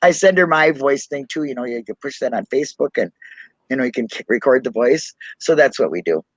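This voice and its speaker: A man with a Minnesotan accent in casual podcast chat, chatty, talking fast and laughing often. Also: medium pitch, expressive, husky, no echo, rough recording. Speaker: podcast co-host.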